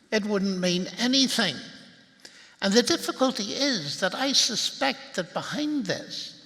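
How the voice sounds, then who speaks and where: A man's voice: high-pitched, sharp tone. Wry older Northern Irish man lecturing. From Northern Ireland. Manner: wry, argumentative, building to punchlines. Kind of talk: public lecture. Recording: long reverb of a large hall.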